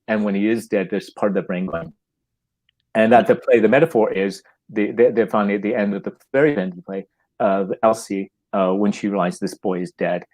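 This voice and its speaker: A man with a fairly low voice talks as a guest playwright in a relaxed conversation. He tells his stories animatedly and slips into other people's lines. His speech often halts and doubles back on repeated words. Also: rough recording. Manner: animated storytelling, acting out quoted lines. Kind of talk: casual chat.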